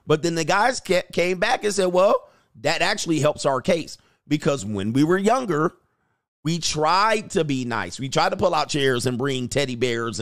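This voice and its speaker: A man's voice: on the high side, a bit bright, dry recording, clean studio sound. A man hosting a reaction channel, giving casual, profane dating commentary and acting out voices of the people he quotes.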